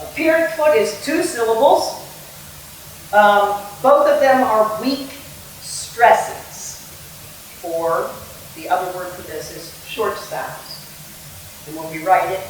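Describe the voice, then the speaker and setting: Recorded from afar in an echoey room with slight background noise, a woman with a fairly low voice lectures on verse meter. She's a theatre director, playful in manner, singing and performing the rhythms as she goes.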